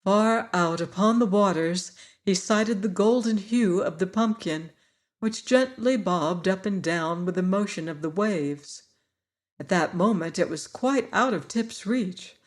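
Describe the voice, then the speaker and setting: A man narrating an audiobook in a measured, even storytelling manner. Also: sits high. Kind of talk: scripted narration.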